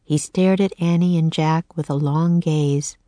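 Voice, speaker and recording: A woman narrating a children's storybook in a clear, steady storytelling voice. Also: deep voice, unhurried, no room sound.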